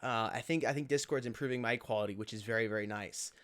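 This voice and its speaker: A man casting a mobile shooter tournament on a live stream, calling the action in quick, excited play-by-play. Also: mid-range voice. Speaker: esports caster. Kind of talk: live game commentary.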